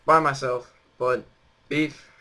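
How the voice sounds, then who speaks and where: A man's voice: mid-range voice, fairly even intonation, slow pace, bright, forceful tone. A young man hosting a casual chat on a voice call, rambling and teasing with lots of fillers. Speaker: host.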